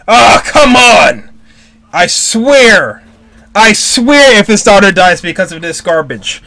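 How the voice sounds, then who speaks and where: A man reacting live to an anime, exclaiming and shouting at the screen. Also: sits high, sing-song, takes it slowly, faint music behind.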